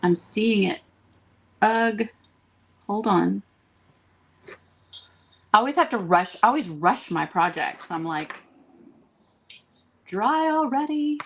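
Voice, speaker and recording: A woman hosting a live craft stream, chatty and excitable, talking straight to her viewers. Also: mid-range voice, takes it slowly, gravelly, pauses often, a little hiss or hum. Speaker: DIY craft host.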